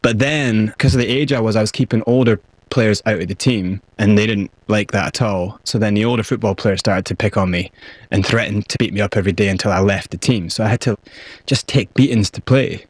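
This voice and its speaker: A man's voice: fairly low pitch, fairly even intonation, a little fast, slightly rough, no room sound. A man with a Scottish accent, speaking as an interview guest and telling his own story in a candid, vivid way. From Scotland, raised partly in South Africa.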